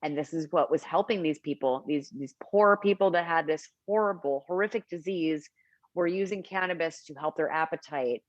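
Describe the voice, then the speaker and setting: In a storytelling interview, a middle-aged woman who advocates for cannabis recounts anecdotes with animation, performing the quotes of the people involved. She speaks low at a moderate pace, in a dull recording with no room sound.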